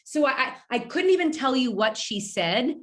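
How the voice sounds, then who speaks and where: A woman's voice: high voice, big pitch swings, normal speed, heavy background noise. A middle-aged woman from Philadelphia, a medium talking casually as a guest, with many fillers and restarts. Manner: chatty, lots of fillers and restarts. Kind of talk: casual interview answers.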